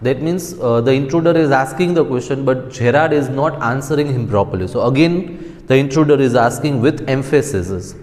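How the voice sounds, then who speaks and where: A man's voice: mid-range voice, normal speed, a little mellow. A male school teacher explaining a chapter, often checking in with "right?". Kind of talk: classroom lesson explanation. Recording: long reverb.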